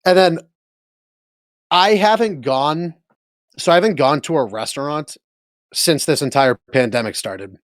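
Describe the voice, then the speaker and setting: A man's voice: a little high, unhurried, long pauses, dry recording, clean studio sound. A man co-hosting a podcast in casual chat, laid-back and profane, sometimes searching for words. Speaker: podcast co-host.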